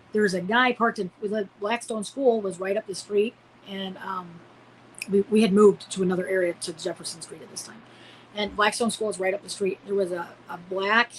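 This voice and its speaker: A woman in her forties from Illinois tells a personal story as a podcast guest, mid-pitched, with frequent ums and restarts. She raises her voice sharply when acting out the shouts in it. A faint hiss of noise sits under the recording. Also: poor audio. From Illinois, USA. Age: 40s.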